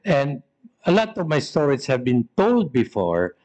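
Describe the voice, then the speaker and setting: Joking Filipino priest telling stories. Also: male voice, mid-range voice, wildly swooping pitch, a little slow, darkish tone, muffled recording. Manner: humorous, self-mocking, conversational. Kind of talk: storytelling talk on forgiveness.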